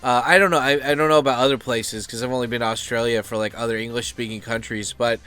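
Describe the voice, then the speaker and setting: A man's voice: mid-range voice, fairly even intonation, quick pace, pushed and bright, smooth. An American man chatting loosely and off-topic, full of fillers, swearing and asides. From United States. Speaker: vlogger. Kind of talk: rambling casual chat.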